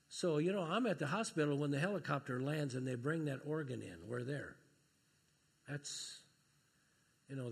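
A man preaching a sermon and telling family stories, talking plainly and then rising to loud, excited preaching. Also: medium pitch, vocal fry, slightly rough, long reverb tail.

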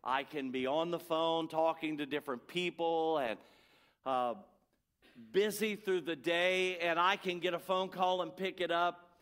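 A middle-aged man preaching a sermon as pastor, building emphatic repeated refrains and letting phrases fall away soft and quiet. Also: a little high, steady tone, a little slow.

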